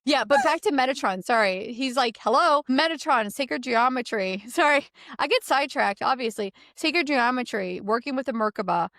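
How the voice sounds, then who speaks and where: A woman giving a relaxed spiritual reading as an energy healer, rambling with many fillers and easy laughs. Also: a little high, fairly quick, few pauses, no room sound, clean studio sound.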